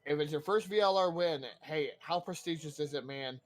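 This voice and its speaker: A fairly high-voiced man runs the post-race interviews for an online racing broadcast. He talks in an upbeat, hurried way and sounds slightly winded.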